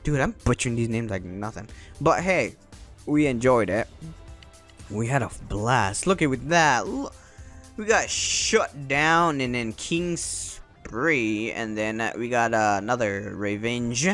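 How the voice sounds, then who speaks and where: A young man hosting his gaming channel, giving excited gameplay commentary, yelping, laughing and repeating words as he plays. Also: mid-range voice, slow. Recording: faint game music behind.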